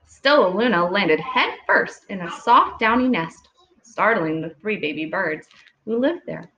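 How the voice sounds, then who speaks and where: A woman reading picture books aloud to young children at home, pausing gently to ask them questions. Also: mid-range voice, expressive. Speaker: storytime reader. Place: home room with children nearby. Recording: echoey room, dull lo-fi audio.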